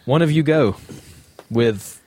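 A man co-hosting a casual podcast, chatty and quick to laugh. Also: mid-range voice, warm tone. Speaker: podcast co-host.

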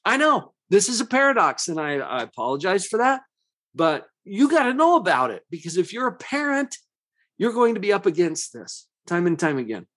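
A man's voice: sits high, huge pitch swings, fairly bright tone. Earnest male podcast coach. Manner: earnest, explanatory, slows to stress key words. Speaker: parenting coach and podcast host. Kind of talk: podcast monologue.

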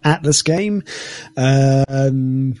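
A man hosting a casual gaming podcast, reading out a list with hesitant pauses and fillers. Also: mid-range voice, darkish tone, no echo, rough recording. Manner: hesitant, many ums and uhs.

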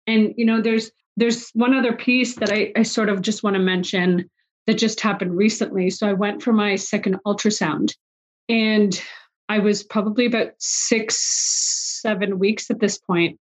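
A woman's voice: medium pitch, fairly even intonation, a little slow. A woman hosting a casual conversation, telling personal stories in a heartfelt way. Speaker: host. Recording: slightly dull lo-fi audio.

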